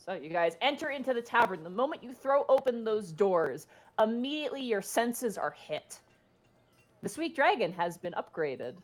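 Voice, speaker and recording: A woman's voice: a little high, very animated, normal speed. Rambling woman game master. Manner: casual, rambling, full of "like" and "uh". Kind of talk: narrating a tabletop game.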